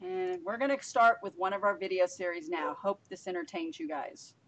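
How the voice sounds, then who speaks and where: A woman's voice: on the low side, moderate pace, a bit bright, a little hiss or hum. A woman co-hosting a casual live stream, bubbly and talkative with frequent giggles.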